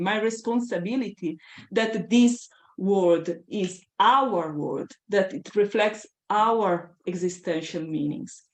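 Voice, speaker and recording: A woman giving an academic lecture, thoughtful and deliberate, pressing hard on her key ideas. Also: fairly high pitch. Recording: roomy echo.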